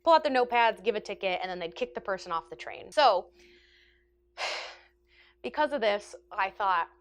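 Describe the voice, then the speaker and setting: A woman vlogger telling a casual, self-mocking story with animated delivery and frequent laughter. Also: medium pitch, unhurried.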